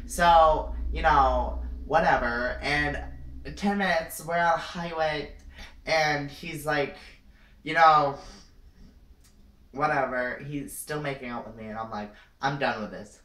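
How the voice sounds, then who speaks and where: Slow, rambling young woman in a roomy room. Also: deep voice, a bit bright. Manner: rambling, dramatic, full of "like" and "you know". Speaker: vlogger. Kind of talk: improvised comic story time. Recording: roomy, distant from the mic.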